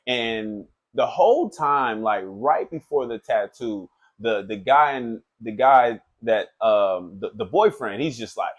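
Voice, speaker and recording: A man who works as a tattoo artist, telling a story in a loose, animated, profane way, full of filler phrases. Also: medium pitch, slow, few pauses, dull audio. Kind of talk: casual storytelling.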